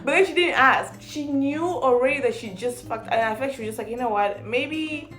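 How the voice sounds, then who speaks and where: A young woman giving casual, animated commentary on a reality show, swearing freely and acting out the people she talks about. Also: high-pitched, brisk, faint music behind. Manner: animated, quotes people in put-on voices, swears. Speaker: vlogger.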